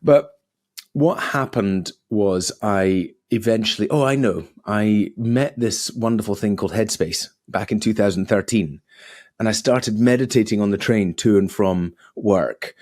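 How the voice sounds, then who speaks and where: A man, a podcast guest telling his story in a casual, animated way, full of ums and restarts. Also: fairly low pitch, a little slow, no echo, studio quality. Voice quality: animated, with many fillers and restarts.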